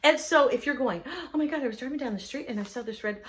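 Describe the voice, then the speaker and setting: A middle-aged woman chatting casually as host, an enthusiastic and animated storyteller. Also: a little high, fast talker. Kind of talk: casual chat.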